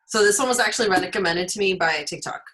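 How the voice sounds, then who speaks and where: A woman's voice: medium pitch, fast talker, a bit bright. A woman in casual video call chat with her book club, rambling and searching for words.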